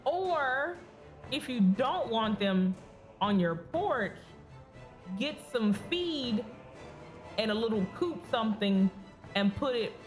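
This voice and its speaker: A woman's voice: fairly high pitch, expressive, slow, pauses often. A woman streamer giving chatty, giggly commentary while playing a video game and talking back to its characters. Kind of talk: casual gameplay commentary. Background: faint game music.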